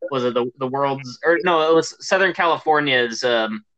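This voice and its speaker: A man co-hosting a podcast, chatting about movies in a halting way with many fillers. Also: mid-range voice, a bit bright, dull audio. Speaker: podcast co-host. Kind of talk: casual movie chat.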